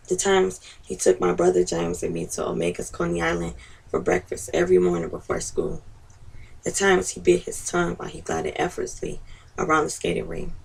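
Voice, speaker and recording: A woman reads her personal essay aloud in a slow, measured way. Her voice is deeply gravelly and husky, and her pitch stays flat and level. She sits back from the microphone, so she sounds distant. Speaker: author reading her own essay.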